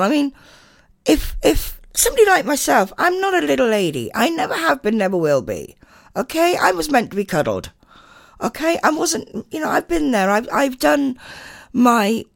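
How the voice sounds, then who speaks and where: Hoarse chatty older woman radio host. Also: no echo, clean studio sound. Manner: chatty and animated, swooping pitch. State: hoarse from a chest infection. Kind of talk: casual radio chat reading listener messages. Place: radio studio.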